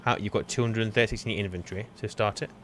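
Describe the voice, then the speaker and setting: A man's voice: on the low side, steady tone, very fast, a little hiss or hum. A man co-hosting a gaming stream, chatting casually in a hesitant, rambling way and often restarting his sentences. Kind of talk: casual chat while gaming.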